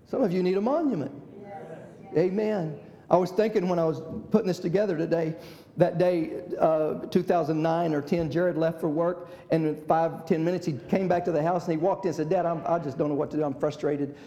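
A man's voice: a little high, fairly even intonation, brisk, warm tone, reverberant. A man preaching a sermon as pastor, repeating phrases and calling out amen and hallelujah. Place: church.

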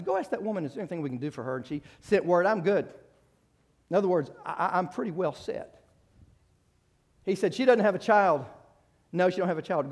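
Preacher man, loud and storytelling. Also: sits high. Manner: storytelling with acted quotes and restarts; swings from loud rising exhortation to quiet conversational asides. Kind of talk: sermon.

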